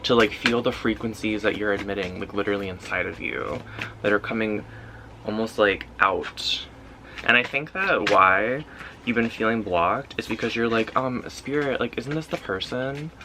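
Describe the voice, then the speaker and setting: A man's voice: fairly low pitch, moderate pace, noisy background. A man giving a casual pick-a-card tarot reading, loose and intuitive, often filling his talk with "like". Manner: loose and intuitive, heavy use of "like" fillers. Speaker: tarot reader.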